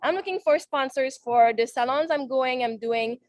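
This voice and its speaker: High-voiced chatty woman host. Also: no room sound. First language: French. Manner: chatty and animated, retelling conversations in quick asides. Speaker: podcast host. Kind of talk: casual monologue to a live audience. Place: event salon.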